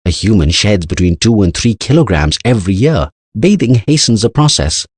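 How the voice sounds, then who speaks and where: Man reading as anxious scientist, earnest explainer, husky voice, lively pitch. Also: normal speed, no echo. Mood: grave. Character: anxious older male scientist.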